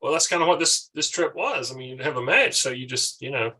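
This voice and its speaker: A man's voice: mid-range voice, lively intonation, quick pace, pushed and bright, breathy edge. A man co-hosting a casual podcast, mostly giving short replies and asking questions. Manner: short reactions, easy laughter. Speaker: podcast co-host.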